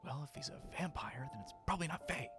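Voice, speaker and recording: A woman's voice: low-pitched, lively intonation, fast talker, fairly bright tone, faint music behind. A young woman playing her character at the table, blunt and sarcastic. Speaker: player.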